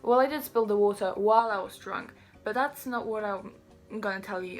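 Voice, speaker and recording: A woman's voice: mid-range voice, moderate pace. A teenage girl telling a casual storytime, rambling along with self-deprecating asides. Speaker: vlogger.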